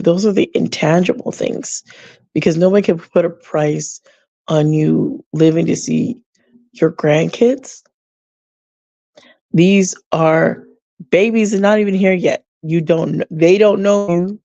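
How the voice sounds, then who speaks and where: A middle-aged woman hosting a faith podcast, talking casually and reflectively with frequent soft laughs. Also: fairly low pitch, creaky, no echo, lo-fi sound. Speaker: podcast host. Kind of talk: casual personal talk.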